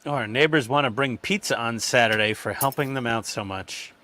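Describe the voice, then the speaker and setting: Male stream regular, crisp bright voice, talks casually, acts out quotes in his stories. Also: fairly quick. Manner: animated storyteller who acts out quotes with sudden pitch jumps. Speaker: model-building stream regular. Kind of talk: casual group chat while building.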